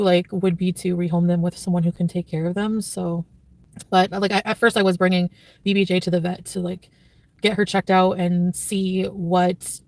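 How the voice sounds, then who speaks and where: A woman livestreamer with a medium-pitched voice and vocal fry chats casually and reads her chat, rambling with endless filler words. When annoyed she turns blunt and profane. The mic is distant, with no echo.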